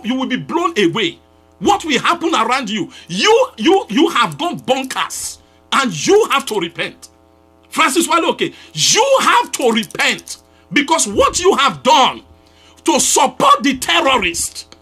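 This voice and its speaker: Fiery high-voiced Nigerian pastor. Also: male voice, husky. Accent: Nigerian English. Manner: fiery and accusatory, repeating demands, often shouting. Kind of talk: impassioned live address.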